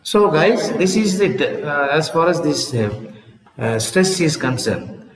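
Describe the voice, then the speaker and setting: A man's voice: fairly high pitch, expressive, slow, roomy sound, long reverb tail, distant mic, poor audio. A man teaching an English lesson, repeating words aloud and checking in with "see?" as he explains. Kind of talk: classroom lesson on word stress.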